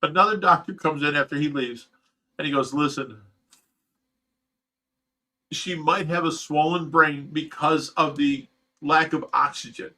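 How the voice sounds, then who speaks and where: A middle-aged man recounts a hard story in a loose, rambling way, cursing often. His voice sits a little high and sounds bright and forceful. He talks casually, as if to friends. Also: a little slow, pauses often, poor audio. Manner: emotional, rambling, swears freely. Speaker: fish rescue owner.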